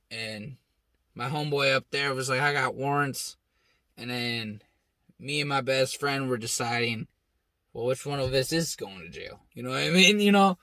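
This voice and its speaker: A young man hosting his own show, telling a story in a blunt, heavily profane, animated way and acting out the people he quotes. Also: mid-range voice, measured pace, no echo. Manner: acts out quoted lines with raised shouting voice. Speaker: host. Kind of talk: casual storytelling monologue.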